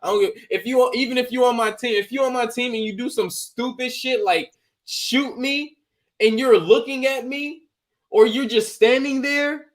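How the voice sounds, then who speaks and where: A man co-hosting a podcast, telling animated, profane stories in casual chat and laughing often. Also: extremely high pitch, moderate pace. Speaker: podcast co-host.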